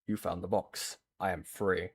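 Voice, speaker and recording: A man doing a slow, ominous horror villain. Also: low voice, flat delivery, slightly rough, pitched below the performer's own voice.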